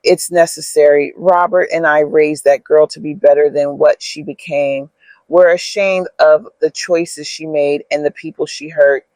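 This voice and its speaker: A man's voice: a little high, fairly even intonation, darkish tone, dry recording, close to an everyday voice, rough recording. A man voicing a remorseful older Southern mother. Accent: slight Southern American. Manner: sober, apologetic, measured.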